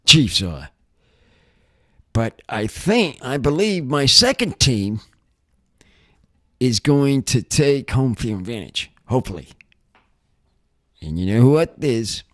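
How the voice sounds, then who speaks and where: A man's voice: medium pitch, big pitch swings, slow, pauses often, dry recording, clean studio sound. Rambling man hosting a podcast. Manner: rambling, repeats himself. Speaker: podcast host. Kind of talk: casual chat.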